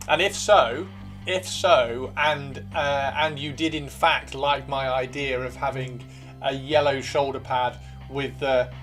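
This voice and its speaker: Man, livestream host, chatty, playful, swears, repeats himself, light music underneath. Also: medium pitch. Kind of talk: casual livestream chat, reading out viewer comments.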